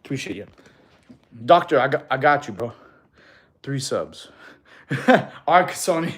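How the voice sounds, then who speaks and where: A man coaching fitness on a casual live stream, relaxed and laughing often as he reads chat questions aloud. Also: mid-range voice, unhurried, pauses often.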